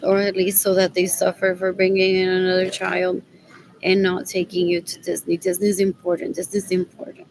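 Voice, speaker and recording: Gravelly-voiced woman ranting. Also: lowish voice, monotone, normal speed, noisy background. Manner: rambling, agitated and scornful. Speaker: vlogger. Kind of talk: rambling monologue to camera.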